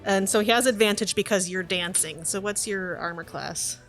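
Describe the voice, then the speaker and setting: A woman's voice: mid-range voice, normal speed, a bit bright, soft background music. A woman narrating as game master, chatty and laughing, with frequent "uh" restarts.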